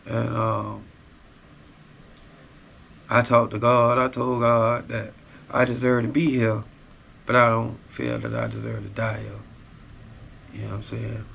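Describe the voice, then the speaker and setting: A man's voice: mid-range voice, measured pace, creaky, pauses often, a bit bright, slight background noise. A man hosting a podcast, telling a personal story in a raw, profane, casual street style. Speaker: podcast host.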